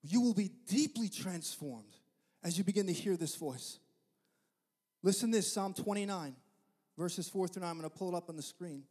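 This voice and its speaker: A man's voice: sits high, lively intonation, normal speed, warm tone, slightly rough. A man preaching a sermon to his church, impassioned and repeating phrases for emphasis. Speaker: pastor. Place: church sanctuary. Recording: long hall reverb.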